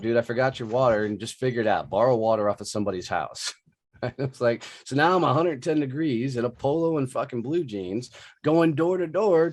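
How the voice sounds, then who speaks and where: A man, telling his life story as a podcast guest in a casual, profane, animated way, acting out the dialogue. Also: medium pitch, husky. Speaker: podcast guest, business founder.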